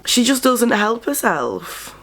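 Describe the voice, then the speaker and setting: An English woman giving blunt, sarcastic commentary as a vlogger, stressing words with sudden high jumps. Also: sing-song, slow, fairly bright tone. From England. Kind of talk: casual commentary monologue.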